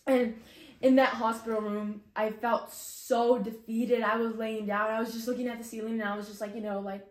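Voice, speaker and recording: A woman's voice: a little high, steady tone, moderate pace, roomy sound. A young woman casually sharing an emotional personal testimony, full of "like" and "you know". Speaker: guest sharing her testimony.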